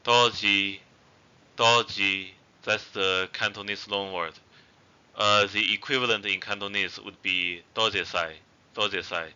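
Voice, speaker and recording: A man's voice: fairly low pitch, fairly even intonation, moderate pace, sharp tone, clear, resonant tone, muffled recording. A man giving an online language lesson, explaining patiently with "uh" fillers and saying each example word twice for learners to repeat. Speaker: language teacher.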